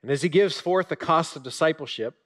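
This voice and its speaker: A male pastor giving a sermon, telling stories with animated emphasis and sudden drops to a quiet voice. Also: on the high side, fairly quick.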